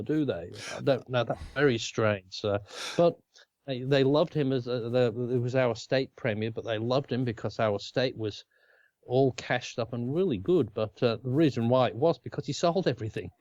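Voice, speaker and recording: A man's voice: mid-range voice, normal speed, darkish tone, no room sound, dull audio. Rambling Australian man, chuckling. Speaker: co-host. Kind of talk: casual chat.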